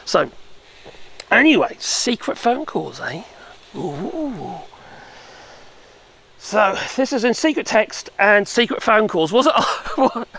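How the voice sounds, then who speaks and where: A man's voice: high voice, sing-song, unhurried, gravelly, a bit bright, slight background noise. A man giving a rambling, sarcastic opinion vlog, full of chuckles and tag questions. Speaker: political commentator.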